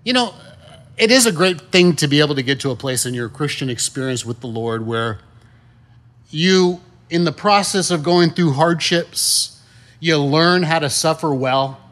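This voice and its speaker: A man's voice: fairly high pitch, animated, moderate pace, a bit bright. A man preaching a sermon in a conversational, folksy way, full of rhetorical questions and asides. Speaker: pastor.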